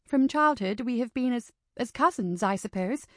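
A woman voicing a young married woman who speaks in a hesitant, halting way. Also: fairly high pitch, lively intonation, a bit bright, dry recording, clean studio sound.

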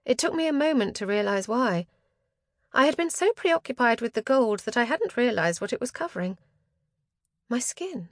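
A woman reading a first-person fantasy novel aloud, expressive and dramatic, with tense rises at moments of action. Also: on the high side, fairly quick, dry recording, studio quality. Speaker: audiobook narrator.

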